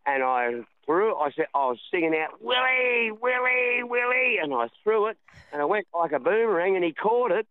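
A man's voice: on the high side, animated, fairly quick, few pauses, clean tone, no room sound. A man with an Australian accent calling in to a radio show, telling a rambling story and calling the host darling. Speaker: radio caller. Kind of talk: phone-in storytelling. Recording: phone line.

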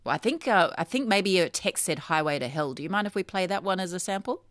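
A woman's voice: fairly low pitch, animated, quick pace, fairly bright tone, no echo, clean studio sound. A woman with a South Australian accent hosting a radio talk show, chatting casually and reading listener messages aloud. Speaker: radio host. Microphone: studio microphone.

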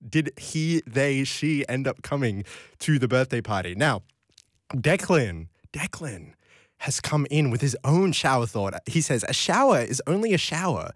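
A man's voice: medium pitch, big pitch swings, measured pace, dry recording, clean studio sound. A young Australian man hosting a late-night radio show, chatting loosely and laughing as he wanders off on tangents between listener texts. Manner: rambling, giggly, goes off on tangents. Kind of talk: casual radio chat reading listener texts. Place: radio studio. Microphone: studio microphone.

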